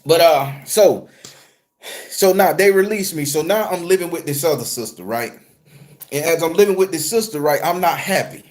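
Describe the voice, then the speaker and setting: Animated man telling a story, voice on the higher side. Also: normal speed. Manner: animated, profane, conversational storytelling. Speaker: spiritual reader and tarot reader. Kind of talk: storytelling vlog.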